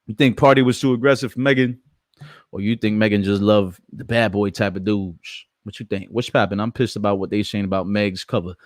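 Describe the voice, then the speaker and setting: A man's voice: lowish voice, steady tone, fairly quick, dry recording, clean studio sound. A man, hosting a casual live stream, brash, profane and joking as he talks to his chat.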